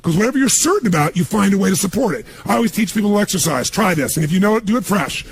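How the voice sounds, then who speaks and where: A man giving a motivational seminar talk on stage, energetic and punchy, firing questions at a live audience. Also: high-pitched, racing, creaky, slightly rough. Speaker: motivational speaker.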